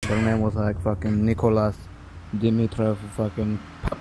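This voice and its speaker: A man's voice: on the low side, completely flat delivery, moderate pace, background noise. A man playing a game, speaking bluntly and swearing in casual banter. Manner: blunt and profane. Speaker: fellow game player.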